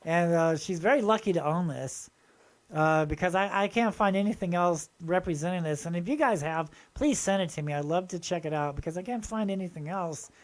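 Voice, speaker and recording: Excited rambling man showing finds. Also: high-pitched, a little fast. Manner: excited, rambling, addresses viewers directly. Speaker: channel host. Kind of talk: casual show-and-tell video.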